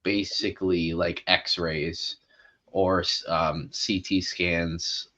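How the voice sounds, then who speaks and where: Deep-voiced man rambling casually. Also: little pitch movement, drawn-out words, bright, forceful tone, muffled recording. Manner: rambling with many fillers. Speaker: podcast co-host. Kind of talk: casual movie discussion.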